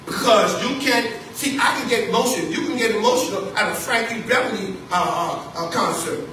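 A man's voice: high voice, normal speed, crowd noise. A man preaching a sermon from the pulpit as pastor, repeating key phrases and calling out to his congregation. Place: church sanctuary. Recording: echoey church hall, distant mic, faint noise.

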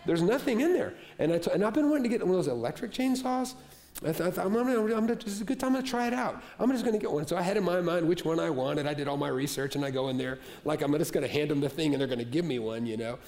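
A male preacher with a fairly high voice speaks to his congregation in a church. He talks plainly and conversationally, repeating key phrases for emphasis. His storytelling turns animated and humorous. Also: racing. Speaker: pastor. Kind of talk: sermon.

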